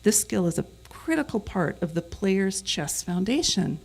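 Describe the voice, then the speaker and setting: A woman's voice: mid-range voice, very animated, a little slow, darkish tone. A middle-aged woman giving a conversational sermon as guest speaker, leading the congregation in repeating phrases together. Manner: leads the congregation in call-and-response repetition; conversational, with self-corrections.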